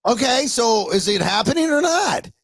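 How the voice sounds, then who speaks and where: Man doing a slurring drunk old mother voice, high, defensive, dozy, swooping tones. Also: big pitch swings, moderate pace, a bit bright, no echo, exaggerated voice. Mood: confused.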